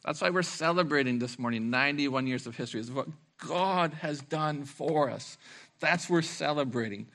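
Speaking at normal speed in a slightly high voice, a middle-aged pastor preaches. His sermon is full of animated storytelling, acted-out voices and laughter.

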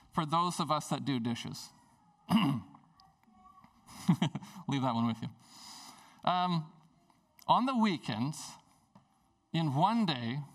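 A man's voice: on the high side, distant mic. A man, a pastor, preaching a sermon at a church service in a conversational, storytelling way.

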